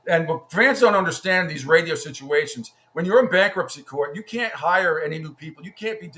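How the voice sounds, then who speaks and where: A man's voice: fairly high pitch, fairly quick, pushed and bright. A man hosting a radio show, talking bluntly and profanely about the business, often restarting his sentences. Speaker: radio host. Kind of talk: casual radio chat.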